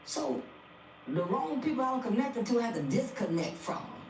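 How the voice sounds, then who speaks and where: A woman's voice: on the high side, big pitch swings, normal speed, a little mellow. An older woman, a guest on a podcast, giving an emotional testimony about her family and repeating phrases like a preacher. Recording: echoey, distant, faint noise.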